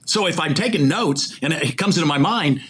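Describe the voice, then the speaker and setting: Male podcast guest, recruiter type, sermon-like motivational talk, lively swinging pitch, breathy edge. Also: a little fast. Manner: animated, preachy, asks rhetorical questions. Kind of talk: faith-centered motivational conversation.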